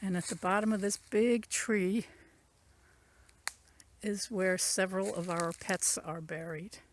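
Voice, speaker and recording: A channel owner gives a slow, casual, rambling walking tour of her rural woods and fields outdoors, pointing things out as she goes. Her voice is medium-pitched and steady, recorded on a phone she carries while walking, with slight background noise.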